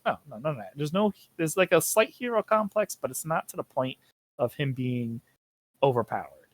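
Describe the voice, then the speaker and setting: A young podcast host talks at normal speed in a mid-range voice. His casual chat is rambling and full of swearing, delivered with plenty of energy.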